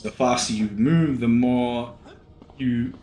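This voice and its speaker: A sick man yawns and rambles casually while commenting on his gameplay for a let's play. His mid-range voice moves slowly, relaxed and full of fillers, in an echoey room with background noise and faint game music.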